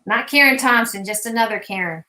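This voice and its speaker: A woman's voice: on the high side, fairly quick, bright, forceful tone, reverberant, poor audio. A woman hosting a casual live craft chat, playful and teasing, laughing often. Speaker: host.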